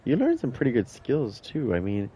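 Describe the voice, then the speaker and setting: A man's voice: mid-range voice, huge pitch swings, normal speed, dark tone, slightly rough. A man telling boastful, profane stories in a casual chat while streaming a game, acting out what people said. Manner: swears a lot, boastful, acts out quotes. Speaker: gaming streamer.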